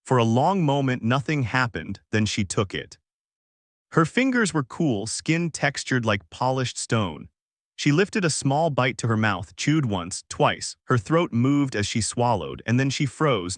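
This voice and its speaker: A man giving measured, dramatic first-person narration of a sci-fi story. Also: medium pitch, animated, a bit bright, no room sound, clean studio sound.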